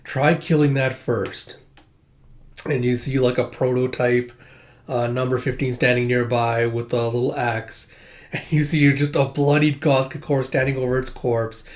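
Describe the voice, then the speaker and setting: Young guy rambling through a manga chapter, mid pitched voice, tons of likes and uhs. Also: little pitch movement, normal speed. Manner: rambling, many fillers and likes. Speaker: manga read-through host. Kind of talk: casual chat and manga read-through narration.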